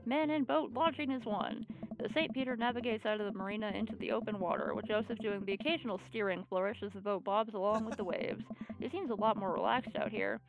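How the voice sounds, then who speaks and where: A woman's voice: a little high, vocal fry. A woman streamer reading a video game aloud and playing it, with playful joking asides.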